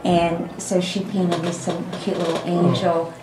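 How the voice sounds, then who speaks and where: A woman, a friend and former coworker, gently sharing affectionate memories at a memorial dinner. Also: on the low side, little pitch movement, measured pace. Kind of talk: casual remembrance at a memorial dinner. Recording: echoey, noisy room.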